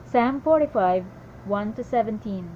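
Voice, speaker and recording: A woman reading a daily Bible passage aloud in a steady devotional style, with small slips and restarts. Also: medium pitch, unhurried, phone-quality sound, slight background noise. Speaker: Bible reader.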